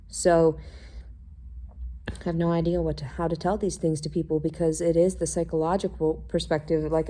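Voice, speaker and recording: A woman's voice: fairly low pitch, steady tone, normal speed, warm tone. A woman venting in an angry, profanity-laced personal monologue from a hotel room, congested and unwell. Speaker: vlogger.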